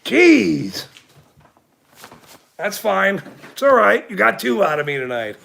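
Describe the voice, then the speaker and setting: A middle-aged man hosts a casual livestream in a slow, rambling rant, indignant and quick to laugh. His voice sits unusually high and sounds very gravelly, with a bright edge. His pitch swings widely as he goes. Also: very animated. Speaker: livestream host.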